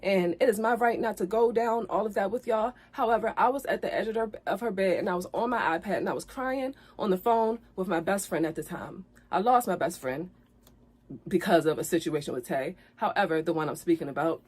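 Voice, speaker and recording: Her mid-range voice is brisk and darkish, with a breathy edge, as this woman vlogger recounts her breakup. Earnest and apologetic, she goes over the same points, builds to heated indignation, and is tearful at times.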